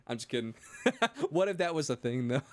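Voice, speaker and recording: A man's voice: mid-range voice, very animated, moderate pace, dry recording. A male streamer telling a rambling story in casual chat, stammering and repeating himself as he goes.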